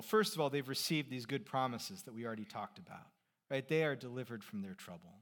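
A middle-aged man preaching a sermon as pastor, conversational, asking rhetorical questions and shifting between quiet asides and emphatic points. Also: medium pitch.

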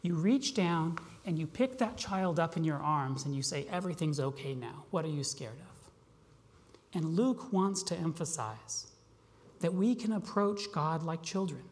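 A pastor preaching a sermon, asking rhetorical questions and slowing down on key phrases. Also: medium pitch. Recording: long reverb of a large hall.

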